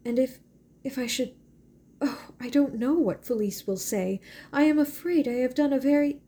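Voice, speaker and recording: A woman's voice: on the high side, expressive, unhurried, creaky, dark tone. A woman reading the lines of a shy, curious young woman in a novel, hesitant and stammering. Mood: wondering.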